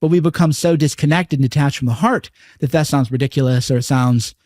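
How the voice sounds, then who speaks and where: A man's voice: medium pitch, a little fast, darkish tone, dry recording, clean studio sound. A man speaking candidly and earnestly as an interview guest, swearing freely and acting out quoted voices.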